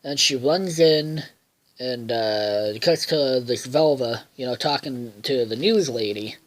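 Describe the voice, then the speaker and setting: A man talks through a cartoon episode in a loose, unscripted recap. He rambles with constant fillers, swears casually, and often loses track and backtracks. His voice sits at an ordinary middle pitch. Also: unhurried, rough recording. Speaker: episode reviewer.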